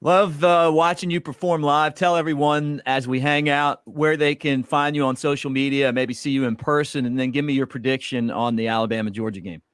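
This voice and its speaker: A man's voice: mid-range voice, steady tone, a little fast, few pauses, clean tone, dry recording, studio quality. A man hosting a casual interview, asking friendly questions and laughing along with his guest. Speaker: interviewer, show host.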